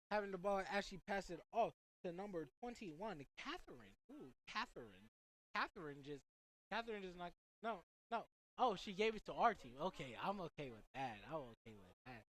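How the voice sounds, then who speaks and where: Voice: medium pitch, a bit bright, low-quality recording. A young student commentator calling a soccer match play by play. The delivery is chatty and loose, drifting into joking asides before coming back to the action.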